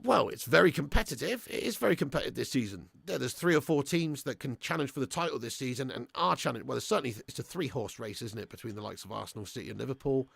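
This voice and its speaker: A man's voice: medium pitch, lively intonation, fast talker, gravelly, few pauses, fairly bright tone, breathy edge, dry recording. A young man hosting a live match watch-along, swearing freely and reading out viewer messages. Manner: crude, swearing fan banter; reads out viewer super chats. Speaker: fan channel host.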